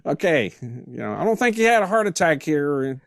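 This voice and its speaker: A man's voice: on the high side, very animated, moderate pace, a bit bright, no echo. A man co-hosting a podcast, reading case reports aloud and adding dry joking asides. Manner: dry, joking asides between read passages. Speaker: podcast co-host.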